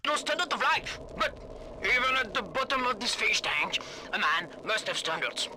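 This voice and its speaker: A man's voice: sits high, expressive, moderate pace, background noise. An actor playing a bitter, fussy Frenchman with an exaggerated French accent, complaining theatrically about wine. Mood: indignant.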